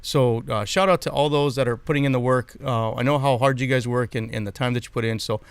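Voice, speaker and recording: A man from Hawaii co-hosting a podcast, chatting casually and giving shout-outs to sponsors. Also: mid-range voice, steady tone, fast, clean tone, dry recording. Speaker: podcast co-host.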